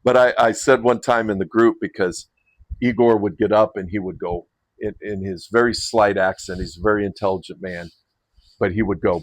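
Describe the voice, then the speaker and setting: A man's voice: fairly low pitch, fairly even intonation, fairly quick, dry recording, rough recording. A man hosting a men's retreat, giving a casual invitation to the camera with frequent restarts and self-corrections.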